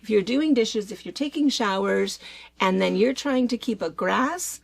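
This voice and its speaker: A middle-aged woman from Washington State co-hosting a chat show, ranting in a chatty, animated way. Her voice is gravelly and husky, a little high for a woman, and it sits dry and close with no room sound. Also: unhurried, no room sound. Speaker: co-host. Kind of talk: casual chat.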